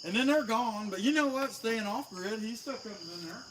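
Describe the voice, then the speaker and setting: With an extremely high-pitched voice at normal speed, a Southeast Ohio man with a country Appalachian-leaning accent chats and jokes on a livestream while chainsaw carving outdoors at a rural spot. Folksy and out of breath, he reads out viewer names, and the clip is very noisy.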